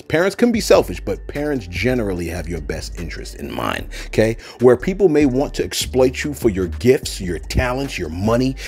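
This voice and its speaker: A man's voice: sits low, vocal fry, a little mellow. A man giving casual celebrity news commentary, rambling with frequent restarts and asides to his viewers.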